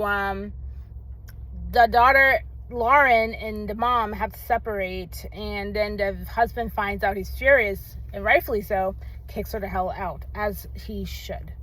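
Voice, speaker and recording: Swearing a lot and erupting with emphasis, a young woman in a casual vlog rants angrily about a documentary she watched. Her voice is medium-pitched with a fairly bright tone, and the recording is rough.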